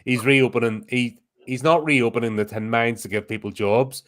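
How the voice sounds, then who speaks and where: A man's voice: medium pitch, fairly even intonation, moderate pace, fairly bright tone. A man co-hosting a podcast, giving dry, wry comments in a casual film chat. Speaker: podcast co-host.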